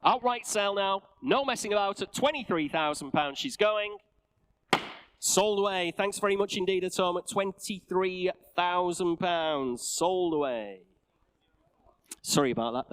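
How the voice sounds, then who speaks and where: A man with a Northern English accent calling bids at a live car auction, with rapid patter and jokey asides. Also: a little high, clear, resonant tone, low-quality recording. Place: auction sale room.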